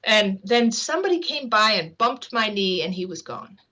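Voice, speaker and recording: A woman speaking at a medium pitch, telling a story with animated, vivid energy. Her delivery is conversational, with light laughter worked in, and she sounds like a guest sharing an anecdote on a talk show. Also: moderate pace. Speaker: guest author.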